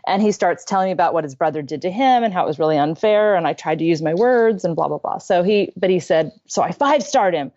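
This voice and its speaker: A woman guest on a parenting interview, telling a personal story in a candid, self-deprecating and animated way from her room at home. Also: fairly low pitch, fast talker, few pauses, lo-fi sound. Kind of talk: conversational storytelling.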